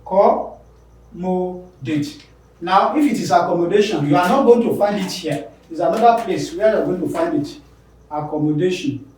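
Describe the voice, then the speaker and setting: Man, english teacher, high voice, slow deliberate drilling, echoey room, far from mic. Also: a little mellow, slight background noise. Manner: repeats words slowly with emphasis, drills examples. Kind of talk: classroom lesson on word stress.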